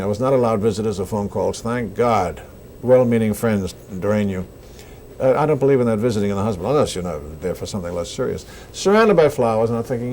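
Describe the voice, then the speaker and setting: Older actor telling stories in an interview, voice jumps all over, acts out the quotes. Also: male voice, fairly low pitch, a little hiss or hum. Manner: animated anecdotes with acted-out quotes. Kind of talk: casual interview storytelling.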